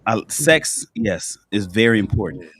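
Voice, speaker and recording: A man's voice: on the low side, animated, unhurried, a bit bright, a little hiss or hum. A man who is sick and lying down, talking bluntly and profanely as a panelist in a casual chat, with many restarts and a cough. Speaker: panelist on a live call-in show. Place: at home in bed.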